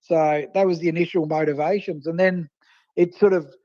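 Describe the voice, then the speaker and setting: An Australian man, a fishing writer and photographer, telling animated stories over a phone line and acting out the people he quotes. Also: a little high, moderate pace, no room sound. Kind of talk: casual storytelling over the phone.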